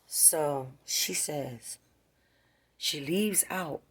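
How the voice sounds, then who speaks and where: A woman's voice: sits low, extremely slow, breathy edge. A woman tells a casual, profane storytime to her viewers at home. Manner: profane, chatty, talks straight to viewers. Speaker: vlogger. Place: home, indoors.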